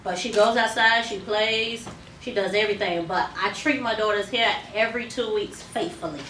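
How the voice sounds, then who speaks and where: Woman stylist chatting thru a salon demo, lots of ums, mid pitch, picked up from across a roomy salon w/ background noise. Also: moderate pace, a bit bright, far from the mic. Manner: chatty, explanatory, frequent ums. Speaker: hair stylist. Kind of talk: salon demonstration talk. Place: hair salon indoors.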